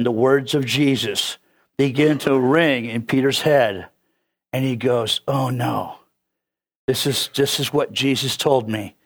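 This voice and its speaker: A man from California with a Californian accent, preaching a casual, conversational sermon and chuckling between his points. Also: mid-range voice. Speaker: pastor.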